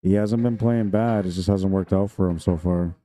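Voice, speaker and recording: A man's voice: low voice, fairly even intonation, moderate pace, warm tone, dry recording. A man commentating a pool tournament live stream, chatty and jokey, laughing often between remarks.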